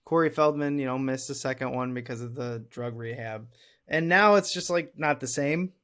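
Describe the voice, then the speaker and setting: A man's voice: mid-range voice, normal speed, fairly bright tone. A man in his thirties co-hosting a podcast, chatting casually and a bit ramblingly while reviewing a movie. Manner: chatty, rambling, self-deprecating. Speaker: podcast co-host.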